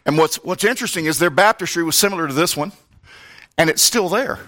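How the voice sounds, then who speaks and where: A man's voice: fairly high pitch, fast, bright, forceful tone. A male pastor preaching a sermon, telling a personal story with comic asides.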